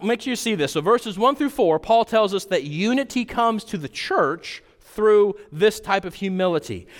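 A man preaching a sermon with a slightly raised pitch, earnest and intent. He swings from loud, ringing emphasis down to hushed intensity. His voice rings out with the long reverb of a large church hall. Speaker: pastor.

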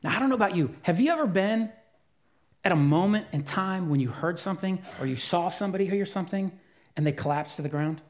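A man preaching a sermon as pastor, earnest and emphatic, dropping to a soft voice for quiet moments. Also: high-pitched, animated, fast.

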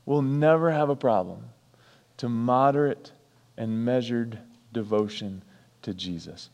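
A man's voice: medium pitch, a little slow, darkish tone. Man preaching, repeating lines, in a hall. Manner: repeats lines for emphasis, chatty asides. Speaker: pastor. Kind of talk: sermon.

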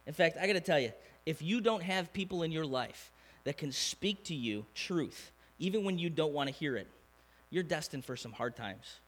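A male pastor with a fairly high pitch preaches at normal speed in an animated, conversational style, peppering the congregation with rhetorical questions.

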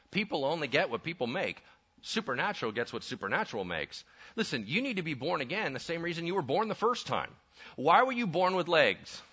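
A man preaching a sermon in a lively, conversational way with casual slang, recorded with dull lo-fi sound. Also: on the high side. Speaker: pastor.

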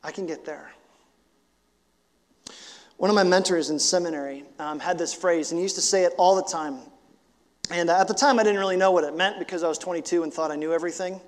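A man of about forty delivers a sermon as a pastor, talking in a loose, conversational way and then climbing into fired-up, emphatic bursts. His voice sits high for a man. A long hall reverb trails behind his words. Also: brisk, pauses often. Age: 40s. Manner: animated, conversational, rising to emphatic outbursts.

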